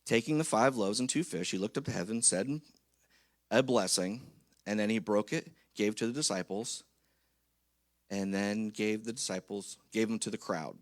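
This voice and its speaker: A man's voice: fairly low pitch, moderate pace, dry recording, studio quality. A man preaching a conversational sermon in a church. He talks in a chatty, jokey way and keeps checking in with the congregation. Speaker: pastor.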